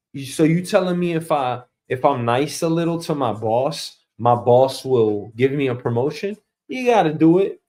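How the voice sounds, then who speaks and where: On his own show, a man with a mellow, higher-side voice rants profanely and animatedly about his boss. In this comedic rant, he acts out conversations from the office.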